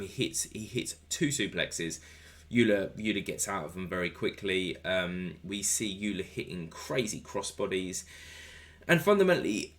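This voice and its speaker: Male wrestling reviewer, lower pitch, energetic casual delivery, addresses viewers.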